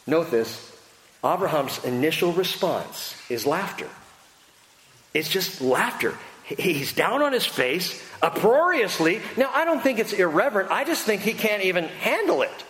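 A middle-aged man preaching a sermon as pastor, conversational and animated, laughing easily and acting out voices. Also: sits high, measured pace. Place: church hall. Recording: echoey hall with faint noise.

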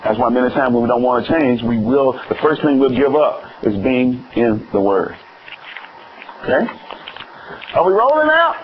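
A man preaching a sermon, asking the congregation questions and swinging between high exclamations and low emphatic words. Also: very animated, moderate pace. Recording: dull lo-fi recording with faint noise.

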